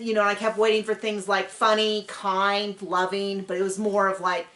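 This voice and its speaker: A woman hosts a casual recap, talking loosely with plenty of ums and likes. Her tone runs sarcastic and chatty, at an ordinary middle pitch. The room around her rings with echo. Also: level tone, moderate pace, few pauses, fairly bright tone. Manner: chatty, sarcastic, full of fillers. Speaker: recap show host.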